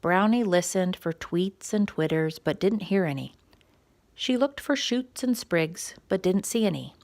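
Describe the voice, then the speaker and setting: A woman's voice: fairly low pitch, animated, measured pace, darkish tone. Woman reading a children's story expressively.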